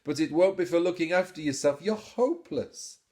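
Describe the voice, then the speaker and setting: A man's voice: fairly high pitch, moderate pace, a little mellow, natural voice. A man voicing a devoted wife with dry, teasing humour. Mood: tender, teasing. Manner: teasing, tender.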